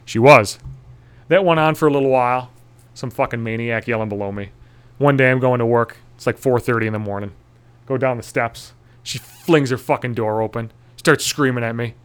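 A man's voice: medium pitch, moderate pace, smooth. A young man telling a comic story as an exasperated, profanity-heavy rant. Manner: swearing, exasperated.

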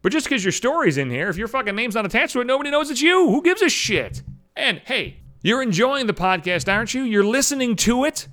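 A man with an extremely high, pushed and bright voice hosts his podcast at a fairly quick, very animated clip. It's a solo rant full of swearing, and he mocks other people's voices as he quotes them.

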